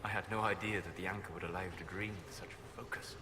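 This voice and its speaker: A measured, aloof elf scholar voiced by a man speaks with formal calm, his voice pitched a little low. Steady ambient game noise hums behind his words. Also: natural voice. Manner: measured, formal, softly spoken.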